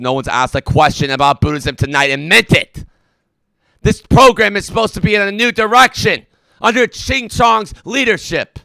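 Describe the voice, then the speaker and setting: Man hosting a mock call-in hotline, preachy and indignant, gravelly edge, lively pitch. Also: no echo, studio quality. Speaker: call-in show host.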